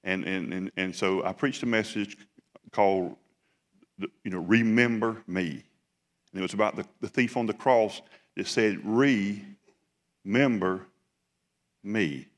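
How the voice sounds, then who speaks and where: A deep-voiced man preaches from the pulpit, spinning a story in a plain, folksy way. His voice carries a long reverb from the church hall. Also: fairly even intonation, moderate pace. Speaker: pastor. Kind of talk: sermon. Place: church sanctuary.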